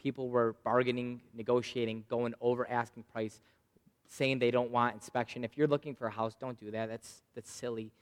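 A man in his thirties preaching a sermon, telling a personal story with loud bursts and quiet asides. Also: medium pitch, little pitch movement, normal speed, big-room sound. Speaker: pastor.

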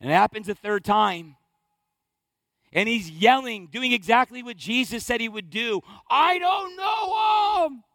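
A male pastor preaching a sermon with passion, acting out scenes with sudden shouts and hushed drops. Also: sits high, moderate pace, no room sound.

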